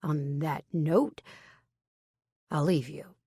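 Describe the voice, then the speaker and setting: A woman narrator voicing a protective, teasing grown man in an audiobook, speaking low and quietly insistent. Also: steady tone, extremely slow, breathy edge, dry recording, studio quality, exaggerated voice.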